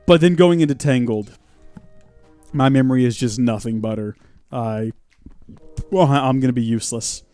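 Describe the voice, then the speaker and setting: Animated, high-voiced male game streamer. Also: no room sound. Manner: joking, rambling, playful bursts of mock shouting. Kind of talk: live gameplay commentary.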